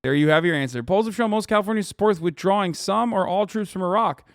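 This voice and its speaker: A man's voice: high-pitched, quick pace, clear, resonant tone, no room sound, studio quality. A man hosting a live stream, reacting in casual, offhand commentary and swearing freely. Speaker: streamer host.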